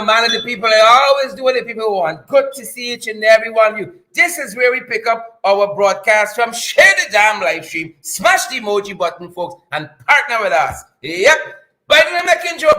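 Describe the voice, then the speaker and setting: A Guyanese man hosts a live-stream news commentary with a piercingly high voice. His tone is bright and forceful. He jokes, repeats himself, and keeps the energy up. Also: animated, moderate pace, few pauses, rough recording. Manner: jokey, repetitive, hyped-up.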